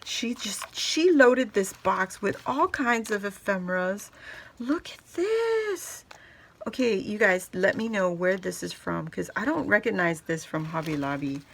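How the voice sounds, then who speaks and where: A woman's voice: medium pitch, big pitch swings, unhurried, gravelly, a bit bright, slight background noise. A woman vlogger chatting through a craft unboxing, gushing and exclaiming, often swooping up into squeals. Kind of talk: excited unboxing chat.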